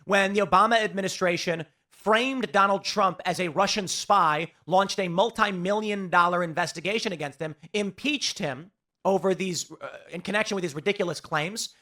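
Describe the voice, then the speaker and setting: A man's voice: high-pitched, moderate pace, pushed and bright. A man giving sarcastic, mocking reaction commentary as a political commentator.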